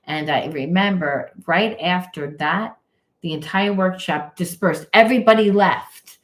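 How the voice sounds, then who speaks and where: A middle-aged woman, a spiritual coach, telling a story in a casual, blunt and animated way. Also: lowish voice, unhurried. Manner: animated, blunt, acts out quoted voices.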